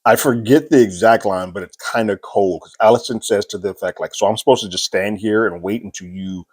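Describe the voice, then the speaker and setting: Chatty man with a low voice. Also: darkish tone, husky. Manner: loose and chatty, paraphrasing scenes with frequent "like" and quick voices; amused, laughing between points. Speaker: TV show recap host. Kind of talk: casual episode breakdown.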